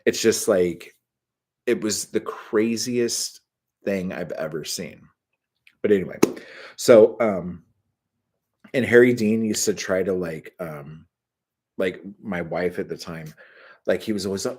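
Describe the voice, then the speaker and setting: A man with a deep, slightly husky voice talks off the cuff, loose and profane. He piles up filler words as he spins stories and reacts to his live chat. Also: measured pace, warm tone. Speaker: host answering live chat. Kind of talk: casual storytelling chat.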